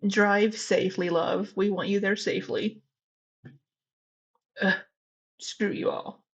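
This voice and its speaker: A woman's voice: mid-range voice, little pitch movement, slow pace, gravelly, husky. A woman hosting a live reaction stream, chatting casually and teasing her viewers, with the odd swear word. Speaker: livestream reaction host.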